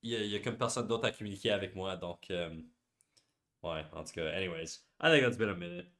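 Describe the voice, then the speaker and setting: A man's voice: deep voice, quick pace, a bit bright. A man from Quebec with a Québécois French accent, chatting casually and self-mockingly on a livestream, switching between French and English. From Quebec, Canada. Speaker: livestreaming artist.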